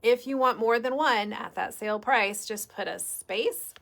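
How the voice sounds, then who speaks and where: A woman's voice: a little high, measured pace, creaky, a bit bright. A woman with a Midwestern American accent hosting a live shop sale, chatty and upbeat, explaining step by step. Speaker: quilt shop host.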